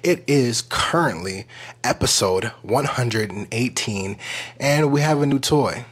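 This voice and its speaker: A man's voice: mid-range voice, animated, a little slow, fairly bright tone, breathy edge. A man hosting his vlog in casual, playful, rambling talk to the camera, enthusiastic about his gear, recorded on a wireless clip-on mic. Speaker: vlog host.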